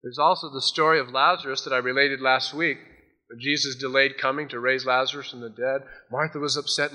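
A man preaching a sermon, retelling Bible stories in a casual, animated way and acting out the characters' lines. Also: medium pitch, fairly quick. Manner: storytelling, acts out the voices of Bible figures. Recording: long hall reverb.

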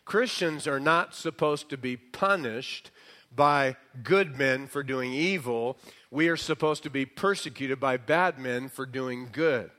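A male pastor preaching a sermon slowly and emphatically, sometimes dropping into a quieter, conversational aside. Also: medium pitch.

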